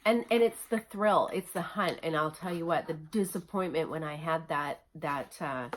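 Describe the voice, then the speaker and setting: A woman's voice: low-pitched, moderate pace. A woman craft vlogger chatting casually at home, gushing and chatty with lots of fillers. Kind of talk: casual show-and-tell chat.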